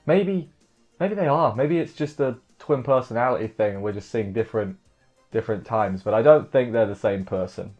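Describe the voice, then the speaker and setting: A man talks through an anime episode in a loose, meandering way, hedging his guesses and correcting himself as he goes. His voice sits at a middling pitch. The audio is a little dull and lo-fi, with quiet music underneath. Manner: rambling, hesitant, with many fillers and self-corrections. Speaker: anime reviewer. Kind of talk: casual episode recap and commentary.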